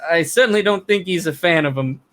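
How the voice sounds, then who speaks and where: Guy putting on a scared jittery village man, higher pitched and loud, stuttering all over. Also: fairly quick, close to an everyday voice. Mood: shaken. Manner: stammering, panicky, breaking into sobs. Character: frightened shaken male villager, middle-aged, nervous and guilty. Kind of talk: tabletop game role-play.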